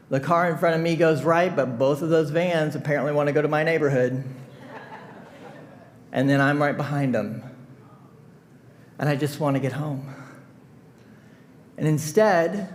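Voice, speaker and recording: High-voiced animated pastor telling a story. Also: male voice. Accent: Midwestern American. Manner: animated storyteller, laughing, shouting in retold scenes. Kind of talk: sermon storytelling. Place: church sanctuary.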